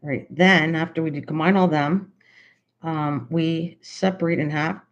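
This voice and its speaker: An older woman hosts a casual live stream from a computer setup, chatting and thinking aloud as she writes down a recipe and effusively thanking viewers again and again. Her voice is low, fairly even and unhurried, and the recording is muffled.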